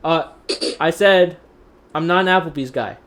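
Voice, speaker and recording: A man's voice: fairly high pitch, measured pace, heavy background noise. A man hosting a live stream, reading out viewer cheers casually with many fillers. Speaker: host.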